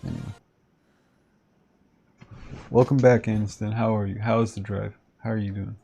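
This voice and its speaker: Gravelly man streaming a horror game. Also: on the low side, steady tone, fast talker, warm tone, dull audio, faint music behind. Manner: reacts aloud while playing, jumpy. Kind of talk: casual live-stream commentary.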